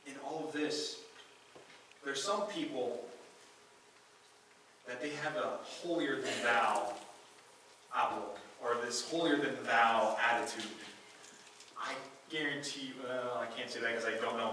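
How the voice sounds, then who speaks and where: A man's voice: medium pitch, fairly even intonation, measured pace, pauses often, bright, forceful tone, a little hiss or hum. A man preaching a sermon in a conversational way, often restarting his sentences. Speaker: pastor. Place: church sanctuary. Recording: echoey room, voice from a distance.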